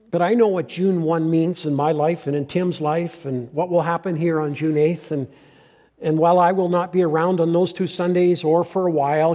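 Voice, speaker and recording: An older male pastor gives an earnest farewell sermon in a fairly high voice with a dark, mellow tone. He often stops and restarts his thoughts. His words ring out with the long reverb of a church hall.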